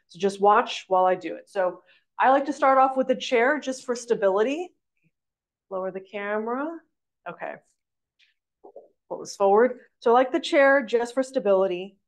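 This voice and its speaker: Woman running a zoom workout, upbeat instructions, kinda out of breath from the moves. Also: mid-range voice. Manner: encouraging, instructive, demonstrating while talking. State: slightly out of breath. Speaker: fitness instructor. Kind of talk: live online exercise class.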